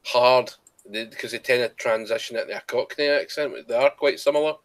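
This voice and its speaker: A man's voice: mid-range voice, brisk, dry recording. A man with a Scottish accent, co-hosting a casual gaming chat with laid-back, sweary banter. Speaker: podcast co-host.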